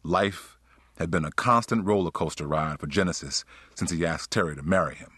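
A man narrating an audiobook in a smooth, expressive storytelling manner. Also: sits low, moderate pace, no room sound, clean studio sound. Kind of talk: scripted narration.

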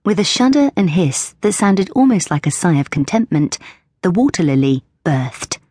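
A woman narrating an audiobook in a measured, even storytelling manner. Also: lowish voice, husky, no echo, clean studio sound.

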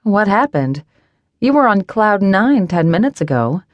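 A woman's voice: mid-range voice, big pitch swings, unhurried, dry recording, muffled recording, pitched above the performer's own voice. A woman voicing a dry, sardonic office coworker. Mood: dry, teasing. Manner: dry, wry delivery.

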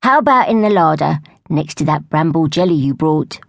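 A woman voicing a kindly old male squirrel grandfather with a cosy, lively manner. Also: deep voice, moderate pace, creaky, no echo, full character voice.

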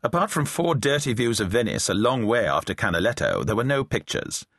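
Wry man narrating, husky voice. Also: medium pitch, fairly quick, no echo. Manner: dry, wry storytelling with lively intonation. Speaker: audiobook narrator. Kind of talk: reading a novel aloud, voicing characters lightly. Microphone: close studio mic, dry booth.

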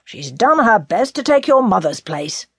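A woman voicing an older gentleman father who speaks in a stiff, formal, blustering way in a storybook reading. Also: medium pitch, sing-song, measured pace, breathy edge, no echo, studio quality, full character voice.

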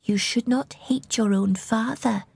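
Actress as a timid, solemn girl, quiet and slow-spoken. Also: fairly high pitch, vocal fry, husky, dry recording, pitched above the performer's own voice, full character voice.

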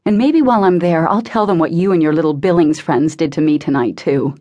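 A woman's voice: low voice, brisk, warm tone, highs cut off, lightly acted. A woman voicing a bitter, hostile teenage boy who spits cold contempt. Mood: calm resolve.

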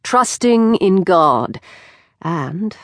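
In a recording studio, a woman with a voice on the low side narrates an audiobook from a script, measured and expressive as a storyteller. A close studio mic gives a clean, dry sound.

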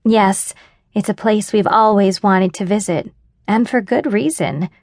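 Casting: female narrator doing a bold, teasing best friend, unhurried, dry studio sound. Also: medium pitch, darkish tone, dry recording. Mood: flirty. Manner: teasing, forward. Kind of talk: audiobook character voice.

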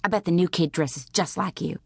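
A woman voicing a bossy, gossiping young girl who talks in a taunting, rapid way. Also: fairly low pitch, vocal fry, husky, dry recording. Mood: scornful.

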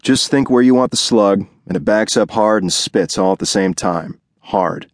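A man's voice: on the low side, normal speed, no room sound, clean studio sound. A man narrating a first-person hardboiled noir audiobook in a terse, world-weary manner. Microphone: close studio mic.

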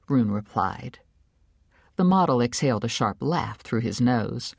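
Low, expressive woman narrator. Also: creaky, breathy edge, dry recording, clean studio sound. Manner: expressive, measured storytelling. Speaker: audiobook narrator. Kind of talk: scripted narration. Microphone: studio microphone.

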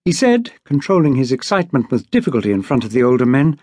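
Man, audiobook narration, animated pitch, breathy tone, dry booth sound. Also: fast, hardly any pauses, no room sound. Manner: voices characters' lines higher and louder. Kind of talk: scripted narration.

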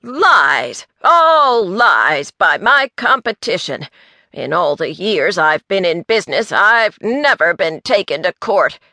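A woman voicing a cranky older male busybody who talks in a gruff, accusing way. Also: mid-range voice, animated, measured pace, sharp tone, no echo. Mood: indignant.

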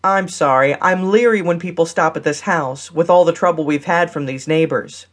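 A woman voicing a tall, gentle neighbor man who speaks softly and apologizes readily, in an audiobook. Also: low voice, moderate pace. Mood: apologetic.

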